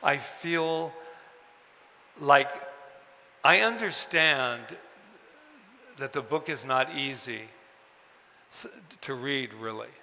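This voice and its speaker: A man telling personal stories to an audience at a book event, halting and repeating words, acting out the voices of people he quotes. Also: mid-range voice, bright, forceful tone, a little hiss or hum. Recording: long hall reverb.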